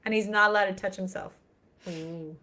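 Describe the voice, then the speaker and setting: A woman's voice: mid-range voice, fairly even intonation, normal speed, bright, forceful tone. A woman co-hosting a casual live book discussion, blunt and joking in her opinions.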